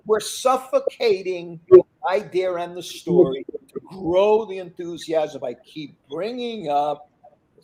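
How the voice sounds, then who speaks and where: A man talking sports as a podcast guest, emphatic and animated in a casual chat. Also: high voice, poor audio.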